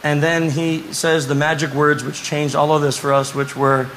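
A man giving a conference talk, telling stories in a lively way and acting out the people he quotes. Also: a little high, normal speed, a little hiss or hum, low-quality recording. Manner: animated storyteller, acts out quoted voices. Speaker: conference speaker. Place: conference room before an audience.

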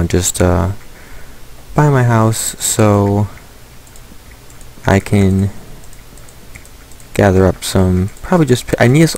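A man's voice: lowish voice, vocal fry, a little mellow, rough recording. A man giving casual let's-play commentary, playfully talking to the animals in the game. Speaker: gaming commentator.

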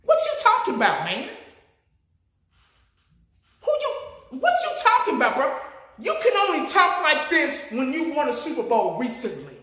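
A sports fan vlogger rants with plenty of profanity, his high man's voice bright and ringing. His pitch leaps up and down as he gets worked up. The recording sits in a very echoey room. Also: moderate pace, pauses often. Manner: animated, profane, ranting. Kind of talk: ranting fan commentary.

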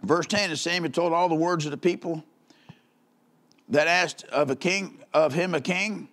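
High-pitched fiery male preacher. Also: moderate pace. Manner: emphatic preaching with frequent call-outs for agreement; swings between low rumbling asides and loud high outbursts. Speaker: pastor. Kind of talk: fiery sermon.

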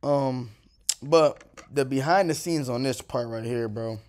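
A man's voice: mid-range voice, measured pace, darkish tone. A man in his twenties talking over a clip in a casual, rambling vlog style, full of slang and "bro". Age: 20s. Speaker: vlogger.

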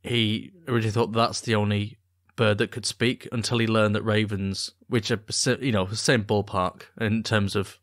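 A man with a somewhat low voice co-hosts a comedy podcast, recorded dry and close. He tells rambling stories and delivers tall tales deadpan, with plenty of ums. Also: moderate pace, few pauses, dry recording. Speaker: podcast co-host. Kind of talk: casual comedic chat.

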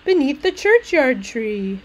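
A woman's voice: sits high, very animated, slow pace, pitched above the performer's own voice, exaggerated voice, rough recording. A woman putting on a cheerful little girl's sing-song voice. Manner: sing-song, childlike lilt.

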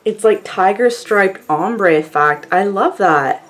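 A woman's voice: mid-range voice, expressive, takes it slowly. A woman vlogger chatting casually to the camera, gushing and effusive as she rambles on. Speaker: beauty vlogger opening fan mail.

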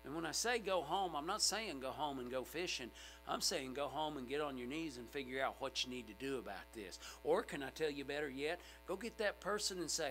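A middle-aged male pastor preaching a sermon in a church sanctuary, emphatic and swinging from loud outbursts to hushed asides. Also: on the high side, expressive, brisk, soft background music, poor audio.

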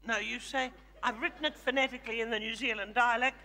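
A man's voice: steady tone, fast talker, full character voice. A man playing a brash, self-adoring older woman diva with an Australian accent, doing live stage comedy. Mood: bossy. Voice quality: high, bright and theatrical. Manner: bossy, fussing and self-adoring. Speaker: comedy host. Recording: live theatre with hall reverb.

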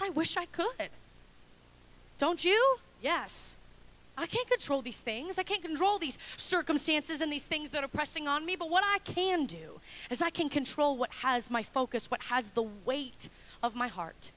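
A woman pastor delivers an impassioned sermon in a church. Her voice sits high and rings bright and forceful. She drops to near-quiet moments, then climbs into loud, pleading passages.

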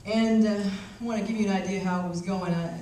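A woman with a mid-range, mellow voice talks fast in a steady tone, giving a keynote as a wry, self-deprecating story. Captured on a small camcorder, she sounds distant in a big, echoing hall, with light background noise.

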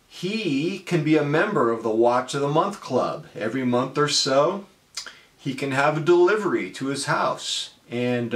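A man talking in a casual, joking monologue, wry and self-mocking. His voice sits at an ordinary middle pitch. The recording has a roomy echo around him. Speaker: watch vlogger.

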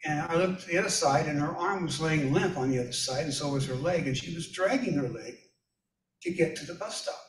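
A man's voice: fairly high pitch, fairly quick, a little hiss or hum. A male pastor giving a conversational sermon, telling personal stories in a folksy way and speaking directly to his listeners. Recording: echoey room, distant from mic.

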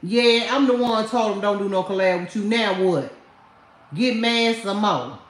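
Speaking unhurriedly in a medium-pitched voice, a woman rants on her livestream, laughing and mocking someone while talking directly to viewers. It was recorded in an echoey room.

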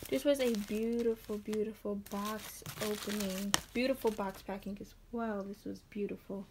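A young woman vlogging casually as she unboxes something, gushing and often dropping into breathy whispers. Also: medium pitch, fairly even intonation, normal speed, hardly any pauses, darkish tone, a little hiss or hum.

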